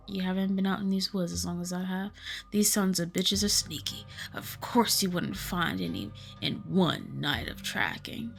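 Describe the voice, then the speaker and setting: A woman voicing a gruff, cranky old male backwoods hunter with a put-on Southern accent, reading a game aloud. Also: mid-range voice, close to an everyday voice. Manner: grumbling, folksy scolding.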